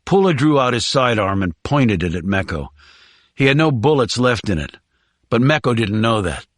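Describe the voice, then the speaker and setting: Dry, measured male narrator. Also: mid-range voice, dry recording. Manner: measured, even storytelling. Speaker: audiobook narrator. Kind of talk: scripted narration.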